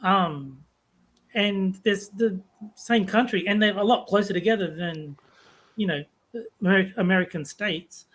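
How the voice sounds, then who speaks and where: A man with a notably high voice chats on a podcast. He talks in a relaxed way and pauses with small hesitations as he works out his points. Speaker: podcast co-host. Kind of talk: casual chat.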